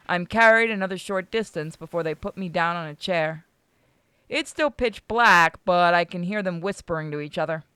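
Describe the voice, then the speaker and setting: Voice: medium pitch, a bit bright, smooth, no echo. A gaming channel host with a New York accent, casually chatting and reading a visual novel aloud, swearing freely.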